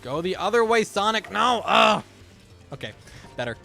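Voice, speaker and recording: A man's voice: high-pitched, big pitch swings, moderate pace, gravelly, sharp tone, soft background music. Profane, wry male game streamer. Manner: profane, wry, jumpy, answers chat. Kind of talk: casual live-stream commentary while gaming.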